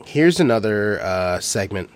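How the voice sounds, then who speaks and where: Low-voiced man swearing through casual chat. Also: very animated, a little slow. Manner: crude, swears freely, laughs through stories. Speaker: podcast host.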